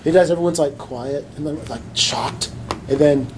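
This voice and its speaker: A man's voice: on the high side, moderate pace, heavy background noise. A man hosting a casual podcast, steering the talk and giving ratings. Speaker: podcast host. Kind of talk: casual group chat about cartoons.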